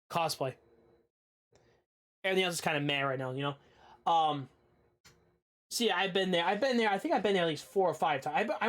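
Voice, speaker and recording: A man's voice: high-pitched, a bit bright. A man hosting a live stream, chatting casually and rambling with fillers and swearing. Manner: laid-back, rambling, profane. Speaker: streamer host.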